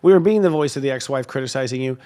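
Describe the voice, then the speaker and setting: A man's voice: mid-range voice, rapid-fire, a loud crowd. A man in his fifties hosting a casual spiritual talk show, speaking in a candid, confessional and emphatic way. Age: 50s.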